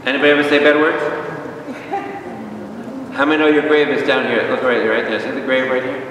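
A man, a priest, teaching a lively Bible study and quizzing his audience, recorded from a distance in a large room. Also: mid-range voice, fairly quick, background noise. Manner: asks the audience questions, spells out words, animated. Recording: echoey hall from far off.

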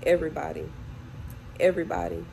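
A woman's voice: lowish voice, completely flat delivery, a little fast, vocal fry, dark tone, a little hiss or hum, low-quality recording. A woman crying as she urgently warns her viewers, repeating phrases over and over. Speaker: self-described prophet. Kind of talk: tearful warning to viewers. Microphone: phone or camera close up.

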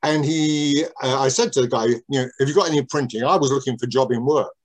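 A man's voice: medium pitch, quick pace. An older man reminiscing in an interview about how he started in business, talking in a rambling, digressive way with many restarts.

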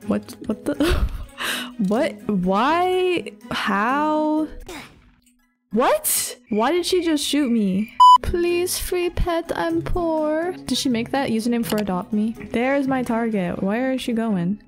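A woman giving casual, excitable commentary over her own gameplay, laughing and exclaiming often. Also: fairly high pitch, takes it slowly, over music. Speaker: gaming YouTuber.

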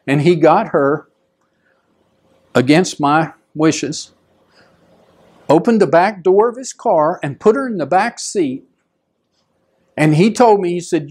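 Storytelling pastor. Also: male voice, measured pace, pauses often, husky. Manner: conversational, acts out quoted voices with rising pitch. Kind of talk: storytelling sermon.

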